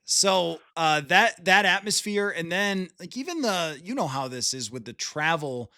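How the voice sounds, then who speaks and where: A man's voice: sits high, animated, measured pace, bright, forceful tone, dry recording, clean studio sound. A man hosting a casual sports podcast, talking chattily with frequent laughs and restarts.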